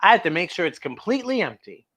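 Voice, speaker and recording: A woman's voice: lowish voice, sing-song, quick pace, a bit bright. A woman voicing a brave, caring young girl in a picture-book story, speaking earnestly and with kind concern.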